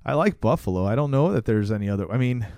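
A man's voice: mid-range voice, animated, quick pace, a little mellow, clear, resonant tone, no echo, studio quality. A man co-hosting a casual podcast chat, teasing the others and steering to the next question. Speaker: podcast co-host.

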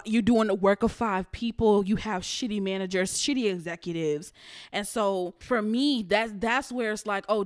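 A young adult woman hosting her own podcast, telling stories of work in a blunt, profane, animated way. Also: medium pitch, dry recording, clean studio sound. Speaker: podcast host. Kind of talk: casual storytelling rant.

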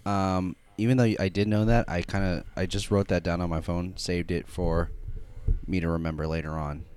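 A man's voice: low-pitched, fairly even intonation, moderate pace, a little mellow, clear, resonant tone. A man in his thirties from the Philippines, co-hosting a casual podcast chat in a chatty, hesitant way with lots of fillers. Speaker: podcast co-host.

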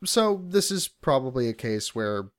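A man's voice: mid-range voice, big pitch swings, unhurried, clean tone, no echo, studio quality. Earnest man co-hosting a podcast. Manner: earnest, digressive, hedging with fillers. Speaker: podcast co-host. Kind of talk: casual podcast discussion.

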